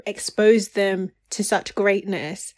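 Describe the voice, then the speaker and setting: Woman co-host, blunt and sarcastic, mid-pitched, animated casual banter. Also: takes it slowly. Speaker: podcast co-host. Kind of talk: casual chat.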